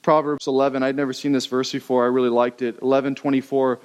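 A male pastor preaching a sermon in an animated, conversational way, acting out the stories he tells. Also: medium pitch, fast, few pauses, clear, resonant tone, in a large hall.

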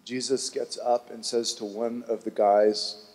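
A man preaching a sermon, telling a Bible story in an animated way and acting out the voices of its people. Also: medium pitch, unhurried, in a large hall. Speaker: pastor.

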